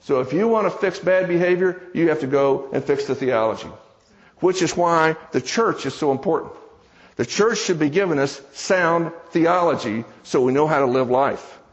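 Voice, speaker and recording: A man's voice: fairly high pitch, expressive, moderate pace, in a large hall, highs cut off. A man preaching a sermon in church, telling a story with conversational, joking asides to the congregation. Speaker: preacher and seminar teacher.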